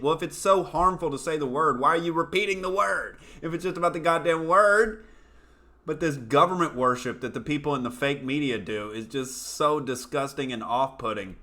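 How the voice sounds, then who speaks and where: A man's voice: a little high, moderate pace, sharp tone. A male comedian hosting his own show, delivering a profane, scornful rant full of fillers and asides. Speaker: comedian host. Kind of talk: ranting comedy commentary.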